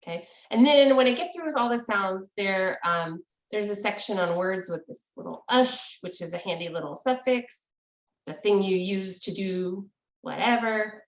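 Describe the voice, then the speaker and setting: A woman's voice: mid-range voice, moderate pace, echoey room, low-quality recording. A woman teaching a casual online language lesson, explaining in a chatty way and laughing easily, over a video call. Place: room with echo, video call.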